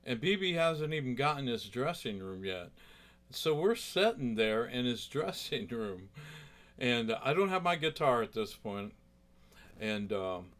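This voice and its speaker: A man's voice: medium pitch, a bit bright. A man who plays guitar telling a story in a rambling, chatty way, full of asides. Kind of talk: casual storytelling.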